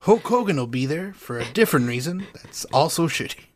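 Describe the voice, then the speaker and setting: Animated, jokey man co-hosting. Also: on the high side, fairly quick. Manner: jokey, profane, playful. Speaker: podcast co-host. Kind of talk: casual comedic chat.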